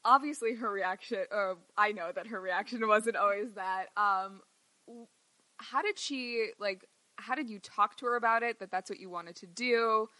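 A woman's voice: medium pitch, normal speed, bright, forceful tone, dry recording, low-quality recording. A woman hosting a casual podcast interview, who giggles and asks rambling questions. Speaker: podcast host.

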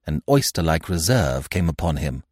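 Animated male storyteller, dry close sound. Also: a bass voice, moderate pace, no echo. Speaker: narrator. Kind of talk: audiobook narration.

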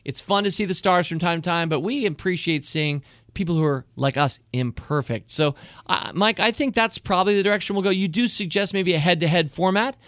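A man's voice: high voice, brisk, a bit bright, dry recording, clean studio sound. A middle-aged man hosting a podcast, chatting enthusiastically with rambling asides. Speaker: podcast host. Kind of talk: casual podcast chat.

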